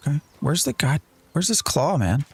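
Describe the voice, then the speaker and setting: A male streamer with a gravelly, slightly husky voice, talking his way through a game and bantering with chat. His speech is casual and loose, and soft music plays faintly behind him. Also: a little high, animated, moderate pace. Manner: chatty, thinks aloud, reacts to chat. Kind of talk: live gameplay commentary.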